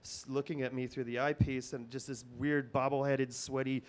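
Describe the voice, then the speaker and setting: A man's voice: medium pitch, little pitch movement, moderate pace. A man telling a rambling comic story on stage at a live show, nervous and full of restarts and fillers. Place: live comedy venue.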